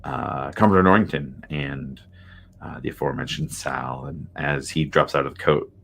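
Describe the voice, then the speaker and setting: A man narrating a tabletop game as game master, in a halting, low-key way. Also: gravelly, fairly bright tone, breathy edge.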